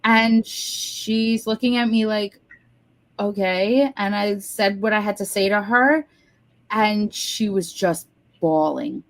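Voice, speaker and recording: A woman's voice: mid-range voice, slow. A woman co-hosting a podcast who works as a spiritual guide, telling stories in earnest casual chat. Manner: earnest storytelling, acts out quoted voices.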